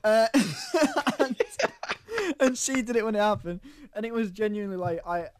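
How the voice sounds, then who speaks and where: A man's voice: high-pitched, normal speed, no room sound, studio quality. A man co-hosting a podcast, chatting casually about films and chuckling between remarks. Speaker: podcast co-host. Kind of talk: casual film chat.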